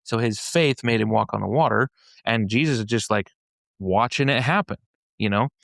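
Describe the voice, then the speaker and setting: A man with a gravelly, fry-tinged voice talks through a scripture story in a casual podcast conversation. He retells it in loose everyday slang and often trips into restarts. The sound is close and dry, with no room around it. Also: lowish voice, moderate pace, fairly bright tone, dry recording. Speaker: podcast speaker explaining a faith-based framework. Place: podcast studio in Utah.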